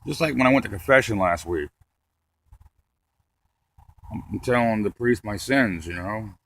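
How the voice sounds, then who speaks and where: Stand-up comedian, man, rambling deadpan delivery with plenty of cursing, bright tone. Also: lowish voice, moderate pace, creaky.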